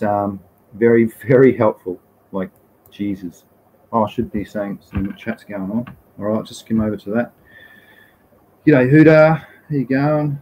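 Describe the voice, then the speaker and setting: A man's voice: on the low side, mellow, lo-fi sound, a little hiss or hum. A young Australian man hosting a casual live stream, reading from slides in a rambling way and greeting viewers in the chat.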